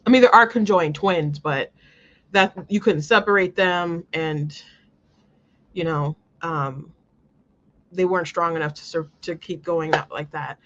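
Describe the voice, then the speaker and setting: Here a medium-pitched, fairly bright voice delivers casual commentary at a measured pace, with the highs cut off. The host rambles earnestly and keeps restarting his sentences.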